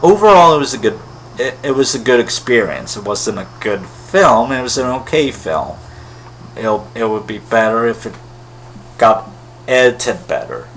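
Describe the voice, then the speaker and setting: A man's voice: on the low side, animated, moderate pace, fairly bright tone, a little hiss or hum, low-quality recording. A man giving a casual, rambling film review in a wry, critical way. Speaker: movie reviewer.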